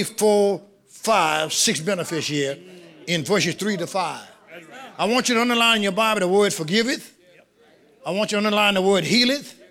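High-pitched shouting preacher man. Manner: shouting, call-and-response preaching. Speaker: pastor. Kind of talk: sermon. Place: church sanctuary with congregation. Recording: live church recording with crowd. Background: congregation responding.

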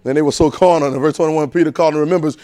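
Male preacher, sermon, emphatic, repeats himself, shouts then quiet asides, fairly high voice. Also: fairly even intonation, racing, dry recording, clean studio sound. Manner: colloquial, rhetorical questions to the congregation.

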